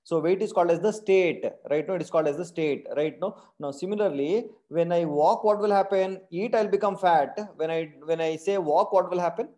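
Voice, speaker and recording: Indian English teacher, constantly quizzing. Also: male voice, sits high, brisk, few pauses, warm tone. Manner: keeps quizzing students with repeated questions and tag questions; calls his class "my dear friends". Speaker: programming teacher. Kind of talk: live online coding class.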